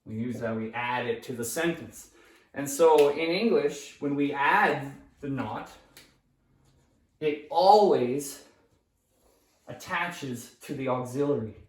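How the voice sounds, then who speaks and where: A man's voice: mid-range voice, slow pace, pauses often. A man teaching an English grammar lesson at a whiteboard, explaining patiently, often checking "right?" and "okay?" and correcting himself as he writes. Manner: restarts and self-corrections while writing. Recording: echoey room, voice from a distance.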